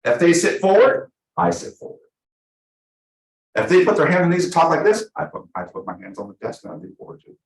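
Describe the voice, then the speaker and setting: A man at a mid pitch leads a live training class for agents. He rushes through his points and acts out client stories along the way. His voice swings widely in pitch and rings around an echoey meeting room. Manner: energetic, fast, full of acted-out examples. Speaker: real estate trainer. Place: meeting room with a small audience.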